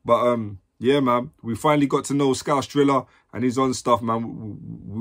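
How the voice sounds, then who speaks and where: A man's voice: medium pitch, fairly even intonation, normal speed, few pauses. A man from London with a London accent, hosting a music reaction video with hyped, slangy commentary.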